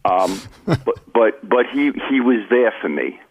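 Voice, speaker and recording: In an unhurried mid-range voice with big pitch swings, this author shares his recovery story as a radio guest. He sounds earnest and confiding, calls the host by name, and comes through on phone-line audio.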